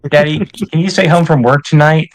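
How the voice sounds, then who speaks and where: A man voicing a sassy teenage daughter during a live group reading, teasing and drawn-out. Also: fairly high pitch, natural voice, rough recording.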